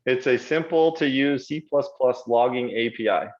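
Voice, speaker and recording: A man co-hosting a live software Q&A show, chatting casually and rambling, with self-deprecating asides. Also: mid-range voice, moderate pace. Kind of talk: casual conversational livestream chat. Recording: slightly dull lo-fi stream audio.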